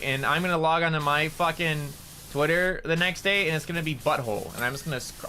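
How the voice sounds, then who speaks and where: A man chatting on a gaming livestream in a bright, forward voice. He swears freely and keeps jumping into excitable, high-pitched outbursts. A faint hiss of noise sits under his talk. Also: a little fast. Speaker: VTuber streamer. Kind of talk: casual livestream chat while gaming.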